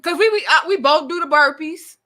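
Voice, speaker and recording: A woman's voice: high voice, a little fast, sharp tone. A young woman hosting a casual live-stream chat, playful and teasing, laughing often. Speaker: host.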